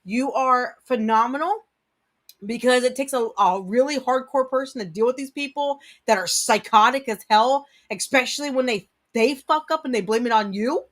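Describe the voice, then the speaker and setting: High voiced woman, blunt and sweary, cohosting a home stream. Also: moderate pace. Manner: blunt, brash, swears freely. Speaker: co-host. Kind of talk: casual livestream chat.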